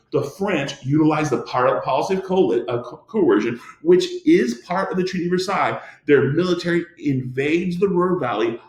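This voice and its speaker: Emphatic male history teacher, echoey room. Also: fairly high pitch. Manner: emphatic, many restarts and fillers. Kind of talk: recorded classroom lecture.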